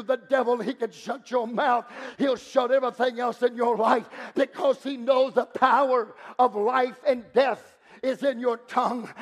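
A man preaching a sermon, swinging from loud fervent shouting to low, intense speech.

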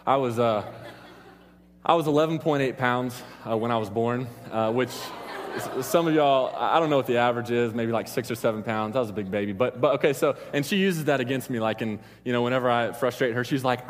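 A man's voice: mid-range voice, fast. A man giving a sermon to a live audience, rambling through personal stories and stopping often to restart and joke. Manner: rambling, self-interrupting, joking with the crowd. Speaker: preacher. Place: church hall with an audience. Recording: long hall reverb.

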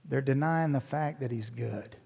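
A man's voice: medium pitch, moderate pace, gravelly, a little mellow, slightly rough, long reverb tail. A male pastor preaching a sermon in a conversational teaching manner, asking rhetorical questions and restarting phrases. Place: church sanctuary.

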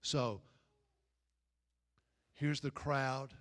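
Male preacher, mid-pitched, slow deliberate delivery, loud emphatic build-ups. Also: steady tone. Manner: rises to loud emphatic peaks, then drops low and slow. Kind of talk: sermon.

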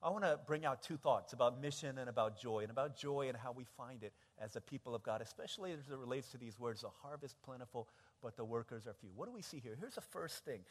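A man preaching a sermon, telling stories in an animated way and acting out voices, swinging from hushed to loud. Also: mid-range voice, fast, big-room sound. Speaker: pastor.

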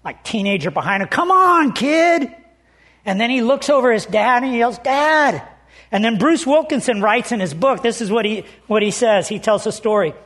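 A man's voice: sits high, a little fast, few pauses. A man preaching a sermon as pastor, telling stories in an earnest, conversational way.

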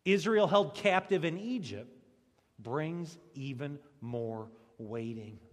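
Dramatic preacher in a reverberant hall. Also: male voice, fairly high pitch, animated, slow. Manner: dramatic storytelling, swings between loud and hushed. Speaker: pastor. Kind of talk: sermon. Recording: long reverb of a large hall.

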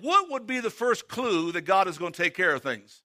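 A man with a high-pitched, animated voice preaches a sermon, swinging between loud, emphatic calls and hushed, slow passages. He often puts direct questions to the congregation.

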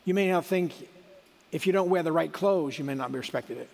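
A man's voice: a little high, brisk, creaky, a little mellow, long reverb tail. A middle-aged man giving a sermon in a conversational, folksy way, with asides and restarts. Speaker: preacher.

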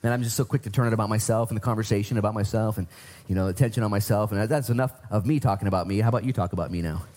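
A man's voice: lowish voice, racing, darkish tone. Man preaching an emphatic sermon. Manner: conversational, emphatic, rising and dropping for stress. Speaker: pastor.

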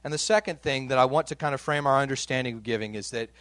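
A man's voice: mid-range voice, fast, a bit bright, no echo, studio quality. A man preaching a sermon in a conversational way, reading scripture aloud and giving its quoted lines some voice. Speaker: pastor.

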